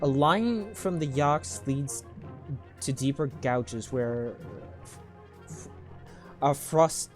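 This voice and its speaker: A man reads game text aloud in an easygoing let's play manner, with a middle-pitched voice. He trips over a word now and then and goes back to fix it. Faint music plays behind him. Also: animated, slow pace, long pauses. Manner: casual, stumbles over words.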